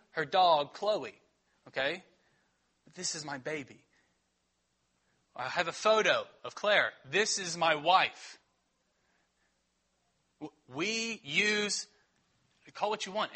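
A man's voice: a little high, bright, forceful tone. A man preaching a sermon as pastor, teaching in a conversational way and checking in with the congregation.

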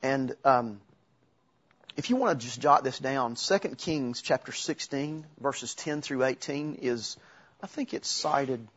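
A husky-voiced man preaching from the pulpit at a middling pitch, in an easy, conversational way with asides and restarts. The recording sounds a little muffled and dull. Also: slow pace, fairly bright tone. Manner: conversational, with asides and self-corrections. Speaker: pastor. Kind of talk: sermon.

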